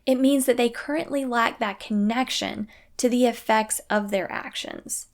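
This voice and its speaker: A young woman hosting a parenting podcast, talking calmly and earnestly in a scripted solo talk. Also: fairly high pitch, moderate pace. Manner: calm, earnest, acts out quoted phrases.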